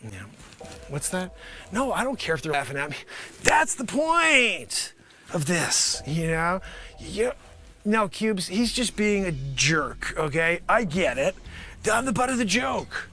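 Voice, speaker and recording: Animated high-pitched comedian man. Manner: rambling, animated, talks to imagined panel, bursts into shouting. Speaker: host of a live improv music and comedy show. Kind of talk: improvised comedy monologue as a pitchman.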